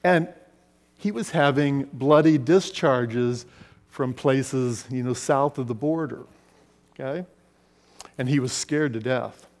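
A man preaching a sermon, telling stories and swinging between loud passages and hushed ones. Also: mid-range voice, slow, pauses often. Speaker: pastor. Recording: long reverb of a large hall.

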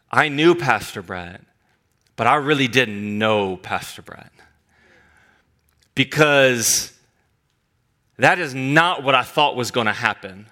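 A man preaching a sermon, telling a humorous personal story with animated delivery. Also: mid-range voice. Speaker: pastor.

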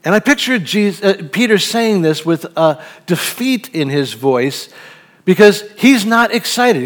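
Earnest high-voiced male preacher. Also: expressive, a little slow. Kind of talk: sermon with Bible reading.

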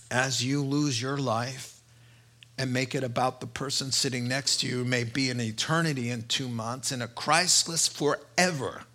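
A middle-aged man preaching a sermon as pastor, earnest and storytelling, his voice climbing higher as he retells conversations. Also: gravelly, pushed and bright. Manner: earnest, storytelling, rises in pitch when retelling dialogue.

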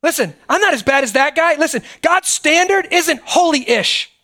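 Middle-aged male pastor, very high voice, chatty preaching with "right?" asides. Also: lively intonation, moderate pace, bright, forceful tone. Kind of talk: sermon.

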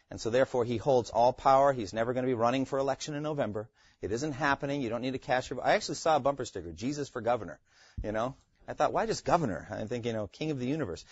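A man's voice: medium pitch, husky, no room sound, muffled recording. A man teaching a Bible class, quizzing his students and repeating key phrases.

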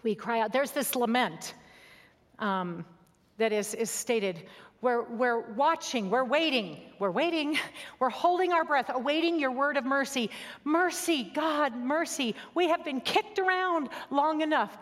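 A woman preaches in an earnest, conversational way, her voice sitting a little high. She sometimes sinks to a soft near-whisper. A long reverb trails her words around a large hall. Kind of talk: sermon with personal story.

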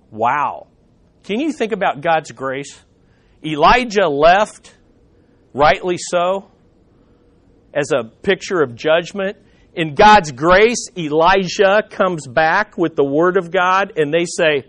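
A man's voice: on the high side, animated, slow pace, a bit bright. A man teaching a Bible study, emphatic, asking rhetorical questions and answering them himself.

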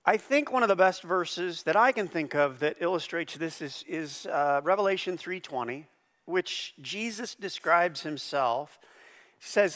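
A middle-aged man preaches with a high, bright, forceful voice. He is animated and jumps louder and higher on the words he stresses. His voice rings out with a long reverb, as in a large church sanctuary. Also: measured pace. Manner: animated, bursts loud and high on emphasized phrases. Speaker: pastor. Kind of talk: sermon.

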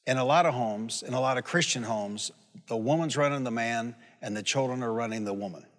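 A man's voice: mid-range voice, fairly quick. A man in his sixties preaching a sermon as pastor, folksy and conversational, with asides and questions thrown to the congregation. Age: 60s. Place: church sanctuary. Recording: long hall reverb.

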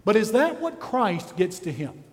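A man's voice: high voice, very animated, a little slow, big-room sound. A man preaching a sermon, intense and full of rhetorical questions. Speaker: pastor.

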